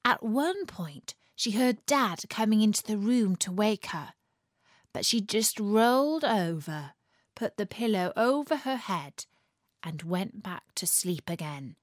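A woman reading a children's story aloud, expressive and now and then dropping to a whisper. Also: mid-range voice, slow pace, dry recording, studio quality.

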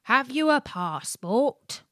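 A woman voicing a menacing male water rat who loudly demands a passport and toll. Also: high-pitched, very animated, slow, no echo, studio quality, voice pushed up, heavily acted. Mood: demanding. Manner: demanding, shouting.

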